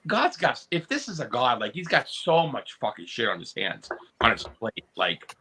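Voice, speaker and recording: A man's voice: mid-range voice, huge pitch swings, normal speed, bright, forceful tone, slight background noise. A man co-hosting a podcast in casual chat, rambling with lots of fillers and swearing. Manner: rambling, heavy use of fillers and profanity. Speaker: podcast co-host.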